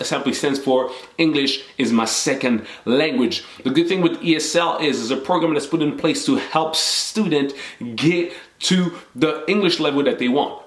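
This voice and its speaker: A young native French speaker from the Democratic Republic of the Congo, a vlogger with a mid-range voice, gives an earnest, motivational talk to camera, reflecting personally while setting out numbered points. The room sounds echoey.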